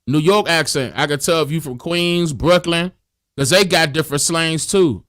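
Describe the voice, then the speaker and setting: A man talking casually in heavy slang, explaining his views at length in a relaxed way. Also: on the high side, moderate pace. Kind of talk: casual conversation.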